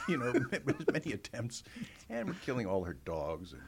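A man's voice: medium pitch, huge pitch swings, normal speed, slight background noise. A man, a guest actor in a conversational interview, telling stories animatedly, acting out quotes and laughing often.

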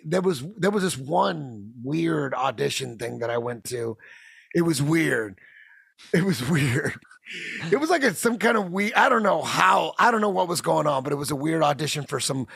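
Brief: gravelly male podcast host, profane and animated storyteller, dry close sound. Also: on the high side, no room sound. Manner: profane, animated storyteller who acts out the voices of others. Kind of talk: casual comedic storytelling.

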